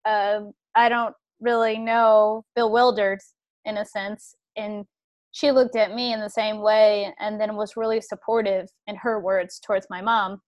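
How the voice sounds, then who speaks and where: A woman's voice: mid-range voice, little pitch movement, measured pace. A woman hosting a conversation, telling a personal story in an earnest, reflective way. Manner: earnest and reflective, with frequent restarts.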